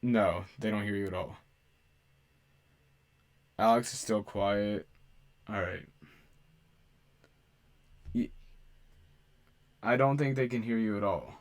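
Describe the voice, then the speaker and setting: A man hosting a livestream, talking casually and haltingly as he sorts out audio trouble. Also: on the low side. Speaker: livestream host.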